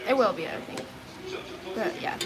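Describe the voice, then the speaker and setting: A woman's voice: normal speed, a loud crowd, rough recording. A woman chatting casually on a livestream, reading viewer messages, giggling often and leaning on fillers.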